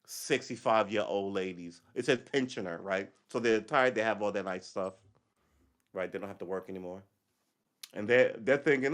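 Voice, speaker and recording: A man's voice: on the low side, normal speed. Rambling, profane man ranting on a livestream. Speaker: livestream host. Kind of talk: casual political monologue.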